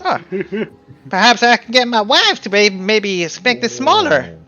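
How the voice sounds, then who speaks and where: A man's voice: high voice, big pitch swings, measured pace, music in the background, pitched above the performer's own voice, rough recording. A man voicing a small, flustered male gnome farmer who stammers and chuckles nervously.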